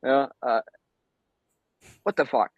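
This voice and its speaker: Speaking slowly in a mid-range voice with a breathy edge, this blunt man comes through dull, dry video-call audio. A native German speaker and men's coach, he is the guest in a casual call interview, animated and rambling, with plenty of swearing.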